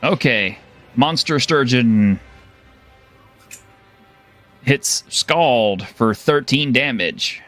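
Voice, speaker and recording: A man narrating as game master of a tabletop game, relaxed and chuckling, with lots of fillers. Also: medium pitch, extremely slow, pauses often, faint music behind.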